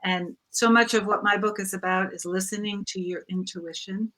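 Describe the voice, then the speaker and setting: A woman, an author and panel guest, sharing reflective advice in a calm, measured way. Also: medium pitch, poor audio.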